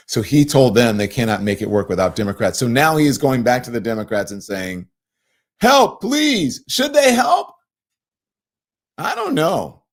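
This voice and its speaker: A man hosting a live political talk show, talking casually and animatedly, laughing often and reading viewer comments aloud. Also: on the low side. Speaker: host.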